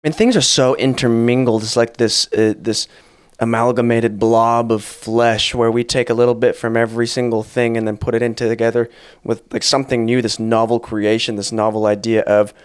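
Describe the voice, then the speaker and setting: A man's voice: medium pitch, level tone, normal speed, clean tone. A man hosting a podcast, chatting casually in an earnest, reflective and wry way about spirituality. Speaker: podcast host.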